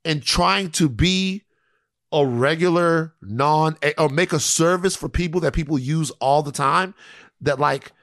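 A man co-hosting a casual podcast, talking in a loose, rambling way and swearing freely. His voice sits a little high for a man. The sound is dry and close, with no room around it. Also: fairly bright tone, dry recording. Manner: loose, profane, rambling with restarts. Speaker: podcast co-host.

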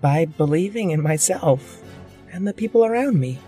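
A man's voice: on the high side, expressive, normal speed, mellow, faint music behind, close to an everyday voice. A man voicing an earnest, brave boy ninja hero in a children's audio story.

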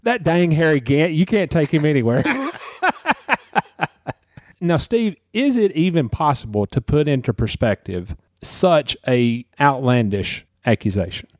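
A man co-hosting a podcast with lively, joking banter. His pitch swings widely, and the recording is dry and close. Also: measured pace, dry recording. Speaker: podcast co-host. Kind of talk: casual chat.

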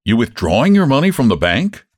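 A man's voice: medium pitch, sing-song, brisk, dry recording, pitched above the performer's own voice. A man voicing a puzzled male bank clerk in a read-aloud short story, asking dry, matter-of-fact questions.

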